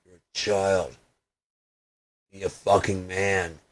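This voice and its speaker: Profane ranting man, low voice. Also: level tone, takes it slowly. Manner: profane, swings from loud outbursts to muttering. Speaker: video blogger. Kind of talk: ranting personal monologue.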